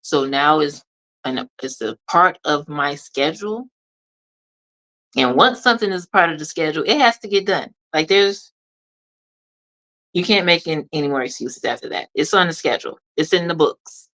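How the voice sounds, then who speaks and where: A woman's voice: low-pitched, animated, normal speed, fairly bright tone, poor audio. A woman speaking as a motivational consultant, talking straight to the listener in an emphatic, preachy way that repeats phrases for stress. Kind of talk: motivational monologue.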